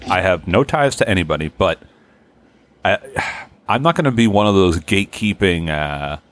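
Laid-back man, very low voice, casual podcast banter. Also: lively intonation, normal speed, fairly bright tone. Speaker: podcast co-host. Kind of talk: casual chat.

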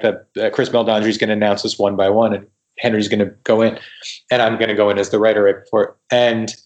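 A man, a guest writer, telling stories in a casual podcast interview, animated and full of quoted dialogue, often restarting his sentences. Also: mid-range voice.

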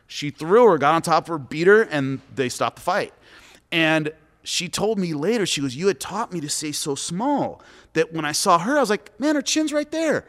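Middle-aged guy telling fight stories, lively up-and-down voice, bright, lots of reverb. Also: a little high. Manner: animated storyteller, acts out quotes. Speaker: former MMA fighter and commentator, guest. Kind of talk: casual podcast chat. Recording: long echoey reverb.

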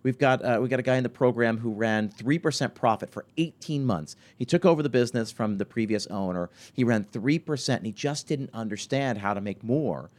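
A man's voice: mid-range voice, brisk, few pauses. A man in his forties, a podcast host and restaurant consultant, telling stories in a conversational interview with lots of restarts and fillers. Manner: animated storytelling, many restarts and fillers.

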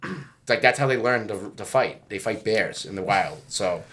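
A man's voice: on the low side, expressive, normal speed, a bit bright. A man from New England rambling in casual, profane banter with friends, laughing and poking fun at himself. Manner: rambling, profane, laughs often, self-mocking.

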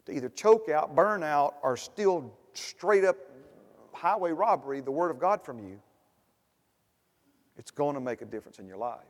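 Preaching pastor in a reverberant hall. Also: male voice, on the high side, sing-song, moderate pace, pauses often. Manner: preaching with rising emphatic bursts and repeated refrains. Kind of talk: sermon.

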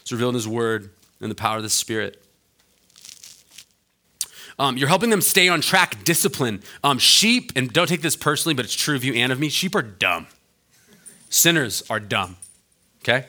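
Male pastor, sermon, bright clear tone, animated and jokey, lots of fillers and restarts, goes low and quiet to press a point. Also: brisk.

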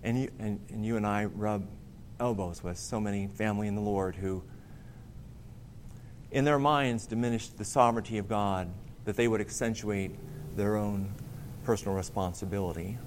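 A man preaching a sermon in an earnest, emphatic way, pausing and restarting often. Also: lowish voice, a little hiss or hum.

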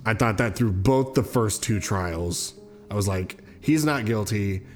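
A man hosting a casual true-crime podcast, telling the case and then giving his opinion in a loose, animated way with swearing. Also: measured pace, soft background music. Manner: animated, swearing, jumps into high mocking voices. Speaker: podcast host.

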